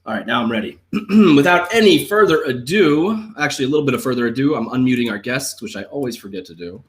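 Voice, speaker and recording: A man's voice: medium pitch, lively intonation, fast talker. A young man hosting a live online talk show with a desktop microphone, joking and rambling in a self-mocking way. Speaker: host.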